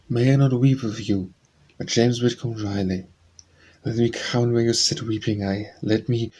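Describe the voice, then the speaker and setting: A man reading poems aloud for an audiobook in a measured, even recitation. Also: fairly low pitch, a little hiss or hum. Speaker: audiobook reader. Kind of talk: poetry reading.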